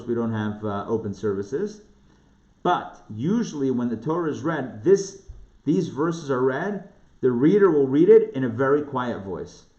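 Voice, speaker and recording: Speaking in a mid-range voice with a dark tone, a rabbi runs a live online class and gives a relaxed Torah lesson. He talks casually with his listeners and asks them questions, captured in dull lo-fi sound in an echoey room.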